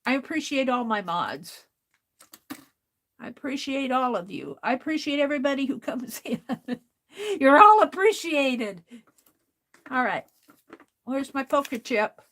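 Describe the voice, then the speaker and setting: A woman's voice: high-pitched, lively intonation, moderate pace, long pauses, a bit bright. A woman hosting a crafting livestream, chatting casually, thinking aloud and talking to her viewers. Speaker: livestream host.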